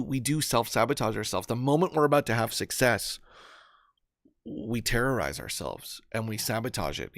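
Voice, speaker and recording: A man's voice: fairly low pitch, dry recording, studio quality. Earnest man telling motivational stories. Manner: earnest, storytelling, many restarts. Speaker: host. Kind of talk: motivational talk on a live stream.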